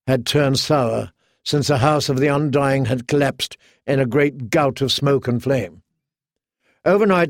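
Man, audiobook narration, measured, steady, dry close studio sound. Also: medium pitch, no echo. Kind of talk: scripted narration.

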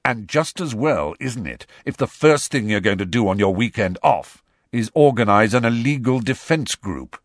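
A man voicing a brisk, frank adult wizard with a wry, impatient edge in an audiobook. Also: medium pitch, lively intonation, no echo, studio quality, pitched above the performer's own voice, lightly acted. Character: adult male wizard, wry, bold, fond godfather. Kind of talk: audiobook character voice.

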